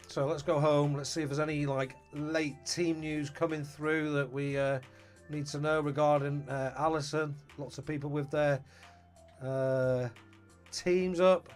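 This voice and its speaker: A man chatting casually on a live stream, greeting viewers and thinking aloud about his team. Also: a little high.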